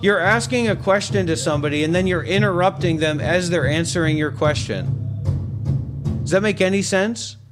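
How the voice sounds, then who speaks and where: A high-pitched man hosts a live call-in Q&A on a meditation stream. He talks bluntly and swears freely, mocking and confronting the callers. Music plays clearly behind him. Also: normal speed. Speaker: host of a meditation livestream.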